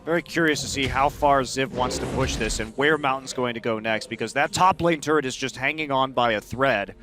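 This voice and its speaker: A man's voice: medium pitch, brisk, music in the background. A man doing color commentary on an esports match, explaining the strategy behind each play. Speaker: esports analyst.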